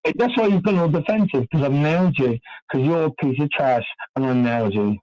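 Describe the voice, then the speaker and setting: A man's voice: fairly high pitch, a little fast, darkish tone, no room sound, highs cut off. An Irish man in his forties taunting another caller, repeating his jabs over and over. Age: 40s. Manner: taunting, gloating, repeats himself. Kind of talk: heated call-in argument.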